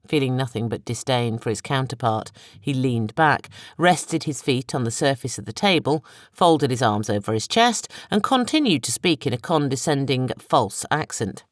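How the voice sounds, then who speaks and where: An audiobook narrator reading a novel in steady, expressive storytelling, at a middle pitch. The voice is recorded close on a studio microphone, completely dry with no room sound. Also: normal speed, hardly any pauses, no echo.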